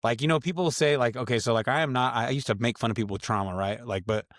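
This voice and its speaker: A man's voice: medium pitch, quick pace, dry recording, studio quality. A man in his thirties from California, a podcast guest telling stories in a rambling, profane way full of slang. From Grass Valley, California. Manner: profane, slangy storytelling full of dude and bro. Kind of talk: casual podcast chat.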